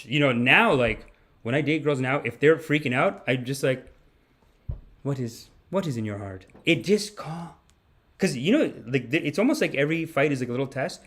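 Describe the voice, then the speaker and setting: A man's voice: a little high, brisk, fairly bright tone. A man hosting a comedic livestream, rambling in a mock-preachy, profane manner. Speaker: podcast host.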